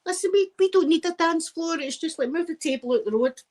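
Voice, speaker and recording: A Scottish woman runs a casual live stream, chatting with viewers in a lively, rambling manner full of asides. Her pitch is extremely high and her delivery brisk, and the recording sounds rough.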